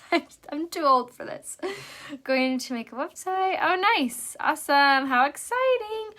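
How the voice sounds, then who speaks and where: Bright, chatty woman live-streaming. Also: high voice, a little slow. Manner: bubbly, chatty, greets viewers. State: tired, yawning. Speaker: makeup live-stream host. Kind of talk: casual live-stream chat.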